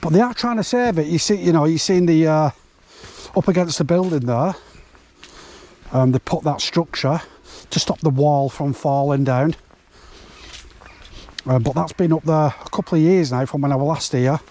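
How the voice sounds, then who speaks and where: A man talks casually to his camera while walking outdoors. His voice sits fairly high but sounds mellow and soft-edged, and he rambles with plenty of ums and restarts. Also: moderate pace, pauses often. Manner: rambling, chatty, many fillers. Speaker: urban explorer vlogger. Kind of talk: casual vlog chat. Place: outdoors on derelict grounds.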